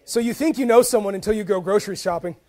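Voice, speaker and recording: High-voiced pastor preaching animatedly. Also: male voice, quick pace. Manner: animated, swings between soft asides and loud emphatic bursts; conversational, with frequent "like" and repeated starts. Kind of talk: sermon with humorous storytelling.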